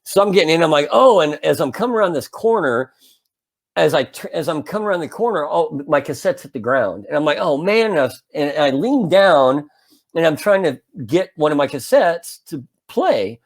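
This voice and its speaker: Man, fifties, podcast co-host, casual storytelling, animated, lots of restarts, slightly high voice. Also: normal speed. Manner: animated anecdote-telling with many restarts.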